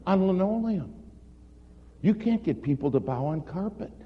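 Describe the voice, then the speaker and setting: Dramatic preacher telling a story in a hall. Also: male voice, high voice, animated, moderate pace. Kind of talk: storytelling sermon. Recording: echoey hall, dull lo-fi sound with faint noise.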